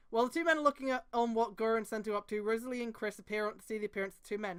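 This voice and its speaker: A woman's voice: medium pitch, steady tone, quick pace, clean tone. A woman on a stream reading a bad fanfic aloud and breaking off into sarcastic, profane commentary.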